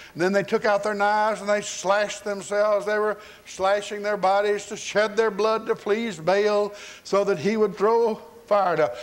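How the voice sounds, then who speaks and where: Folksy preacher man telling a story. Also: sits high. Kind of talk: sermon.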